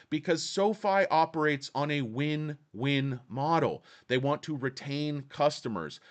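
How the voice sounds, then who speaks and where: A man hosting a stock-market livestream, ranting in a sarcastic, crude way. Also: medium pitch. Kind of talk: casual livestream rant.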